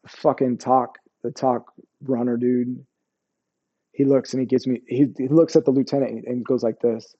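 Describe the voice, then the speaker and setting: A man, an army veteran, telling combat stories in a candid interview, profane and halting, often restarting and dropping his voice on painful memories. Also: mid-range voice, fairly even intonation, lo-fi sound.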